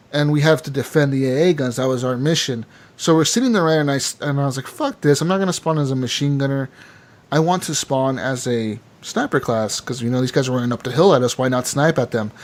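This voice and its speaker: On a casual gaming podcast, a male co-host tells game stories with loose, excited energy. His voice is a little high, and he swears freely, sprinkling in "dude" and "man."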